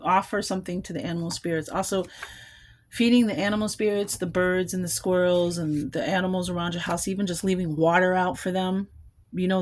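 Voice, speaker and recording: A woman's voice: on the low side, darkish tone. A woman giving a collective tarot reading, musing aloud and rambling, with small laughs between thoughts. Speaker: tarot card reader.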